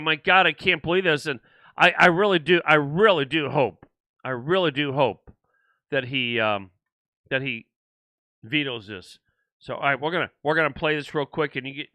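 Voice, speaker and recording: Older man, high bright voice, dry close sound; indignant livestream host who restarts sentences. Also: no echo. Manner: indignant, repetitive ranting with restarts. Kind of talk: political livestream commentary.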